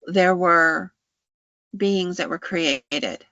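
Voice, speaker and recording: A podcast host casually retelling a folk tale, with frequent restarts and halting phrasing. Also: medium pitch, pushed and bright, no room sound, dull audio.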